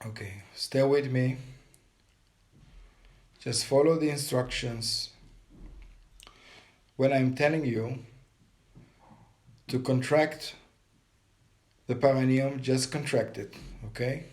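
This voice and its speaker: Man, meditation guide, unhurried delivery, middle-pitched voice, calm instructions. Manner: calm step-by-step breathing instructions.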